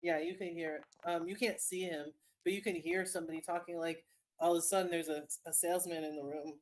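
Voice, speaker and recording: A woman running a tabletop game, her voice sitting a touch low as she rambles through the scene. She circles back on herself often, stringing description along. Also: steady tone, quick pace. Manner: rambling, lots of fillers and restarts. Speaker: game master.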